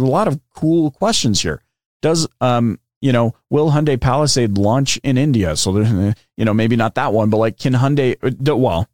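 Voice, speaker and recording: A man's voice: mid-range voice, a little mellow, dry recording, clean studio sound. A man hosting a podcast, talking through a screen demo in a loose, chatty way with lots of fillers and asides. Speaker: podcast host. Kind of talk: casual explainer with screen demo.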